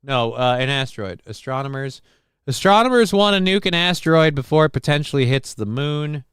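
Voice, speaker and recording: A man hosting a live call-in stream, reading out chat comments with dry deadpan humor, rambling and swearing casually. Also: fairly high pitch, fairly quick, clean tone, no room sound. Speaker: livestream host reading chat.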